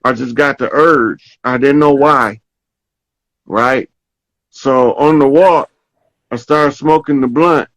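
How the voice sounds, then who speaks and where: Slow-talking man telling a story. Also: medium pitch, fairly bright tone, no room sound, rough recording. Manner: slow, storytelling, checks in with "right?" often. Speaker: podcast host. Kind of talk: casual spiritual talk.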